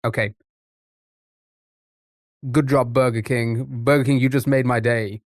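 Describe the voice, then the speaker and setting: Male streamer, mid-pitched, chatty and rambling, close dry mic, casual live-stream talk. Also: steady tone, a little slow, no room sound. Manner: rambling, chatty, trips over words.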